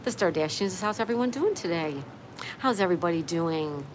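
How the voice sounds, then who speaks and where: A woman's voice: on the low side, expressive, a little fast, slight background noise, poor audio. A woman hosting a casual live stream from her patio, cheerfully greeting viewers and reading their comments aloud. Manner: upbeat, reads out viewer comments. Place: outdoor patio by a canal.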